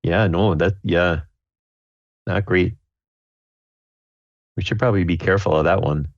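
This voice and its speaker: A man playing in a tabletop game, talking casually and haltingly. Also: sits low, dry recording. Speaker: player. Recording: slightly dull lo-fi audio.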